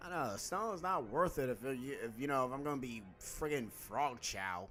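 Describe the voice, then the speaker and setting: Young guy doing game commentary, jumps all over the place pitch-wise, bright voice, music under. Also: moderate pace. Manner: excitable, exasperated. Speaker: video game let's player.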